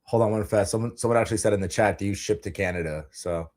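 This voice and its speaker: A man's voice: lowish voice, fast talker, a little mellow. A man co-hosting a casual livestream chat, laid-back and slangy. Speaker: co-host.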